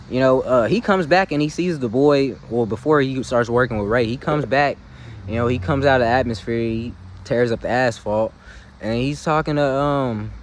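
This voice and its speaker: A man's voice: mid-range voice, a little hiss or hum. A man casually retelling a film's plot in slangy, loose talk, often checking in with the listener. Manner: slangy, loose, full of "you feel me" asides. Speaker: movie recap host. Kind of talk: casual film recap.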